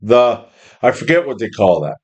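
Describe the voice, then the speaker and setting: A man's voice: mid-range voice, big pitch swings, moderate pace, breathy edge. A middle-aged man ranting angrily about his job and the system, profane and rambling. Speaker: worker ranting about jobs. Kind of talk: angry monologue rant.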